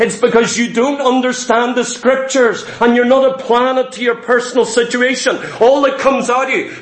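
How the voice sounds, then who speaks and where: A man with a very high voice preaches a sermon in a church. He is emphatic and repeats his points, slipping into quoted complaints from his listeners. The room is echoey. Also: fairly bright tone.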